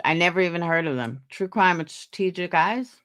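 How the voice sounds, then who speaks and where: A woman's voice: fairly low pitch, a little fast, a bit bright. A woman hosting a casual livestream, tired and yawning, gossiping and greeting viewers by name. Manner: chatty, gossipy, reads out viewer names. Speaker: livestream host. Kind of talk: casual chat with live viewers.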